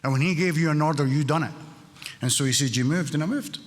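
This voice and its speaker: A man's voice: a little high, fast talker. A man in his sixties with a Glaswegian Scottish accent, sharing his story at a recovery meeting with wry, joking humor. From Scotland. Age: 60s. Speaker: AA meeting speaker. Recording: reverberant hall.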